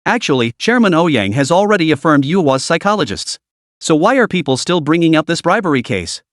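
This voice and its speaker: A frank, kind young woman psychologist, as a male narrator puts her on in a storybook recap. She talks gently and directly with very lively intonation. Dry, close sound. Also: a little high, a little fast, no echo.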